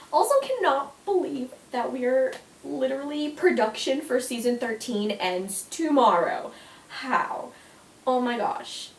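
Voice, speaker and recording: A young woman talks through a casual countdown in a gushing, emotional way and keeps saying "oh my gosh." Her voice sits at an ordinary pitch. It sounds roomy and a little distant from the mic. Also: gravelly, a little hiss or hum. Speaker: YouTuber. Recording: echoey room, mic at a distance.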